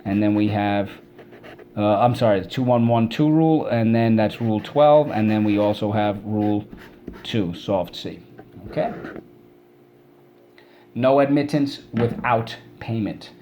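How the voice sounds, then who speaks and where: A man's voice: on the low side, unhurried, pauses often, mellow, muffled recording, slight background noise. A man teaching a spelling and vocabulary lesson, drilling words syllable by syllable and prompting students to repeat after him.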